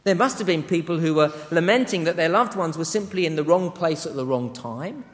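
A man preaching a sermon to a congregation, earnest and measured, with emphatic pauses. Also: on the high side, lively intonation. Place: church to an international congregation. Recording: long hall reverb.

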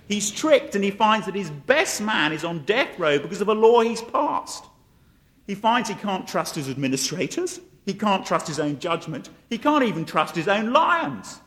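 A man's voice: high-pitched, fairly bright tone. A man preaching a sermon and telling the story with animation, acting out the voices he quotes. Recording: long hall reverb.

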